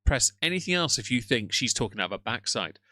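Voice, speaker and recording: A man's voice: medium pitch, sing-song, fast talker, bright, forceful tone, dry recording. A man hosting a live stream, talking casually and mockingly to his viewers and greeting chat. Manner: sardonic, mocking, chatty asides to viewers. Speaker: livestream host. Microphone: headphones on, moderating chat from a phone.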